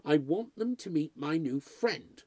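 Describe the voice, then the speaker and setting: Odd, dreamy young gentleman, read by a male narrator. Mellow, husky tone. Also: a little high, animated, measured pace, no echo.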